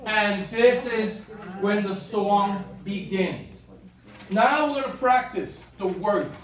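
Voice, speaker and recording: This rehearsal instruction comes from a woman leading a choir, patiently explaining parts in both English and Spanish. Her medium-pitched voice moves slowly; the recording is echoey, far from the mic, with chatter in the background.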